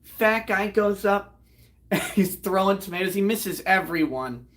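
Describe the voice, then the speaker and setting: A man, host of a live online show, retelling a comedy act in a loud, profane, animated way and breaking into laughter. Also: high voice, unhurried. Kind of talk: casual storytelling on a livestream.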